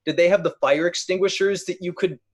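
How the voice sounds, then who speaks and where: A man's voice: high-pitched, fairly even intonation, fairly quick. Man joking around at a game table. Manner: joking, thinking aloud. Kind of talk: casual chat.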